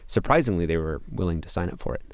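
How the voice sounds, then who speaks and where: A man's voice: deep voice, lively intonation, fast talker, no room sound. A man hosting a podcast, speaking in long, thoughtful, reflective turns. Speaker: podcast host. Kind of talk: podcast conversation.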